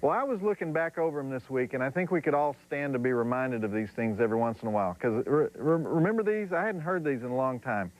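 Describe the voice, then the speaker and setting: A man's voice: fairly high pitch, expressive, fast talker, hardly any pauses, rough recording. A middle-aged man hosting a horror movie night, making sardonic, drawling cracks with chuckling asides. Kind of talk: wisecracking TV movie host.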